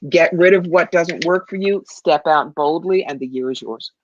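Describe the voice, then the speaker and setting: A woman's voice: low-pitched, moderate pace, dry recording. Woman psychic doing readings, sure of herself, calls ppl darling, dry dull call audio. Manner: confident, calls people darling and honey. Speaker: psychic medium guest. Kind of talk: giving psychic readings on a livestream.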